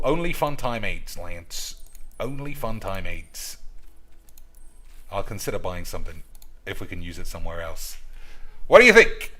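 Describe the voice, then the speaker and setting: Male streamer, sardonic, swears a lot, lowish voice, bright tone. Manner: profane, sardonic banter. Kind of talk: casual live-stream chat.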